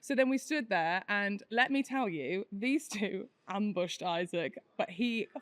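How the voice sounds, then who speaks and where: A woman, the podcast's producer, recounting a story in animated casual chat and teasing the hosts. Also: medium pitch, unhurried.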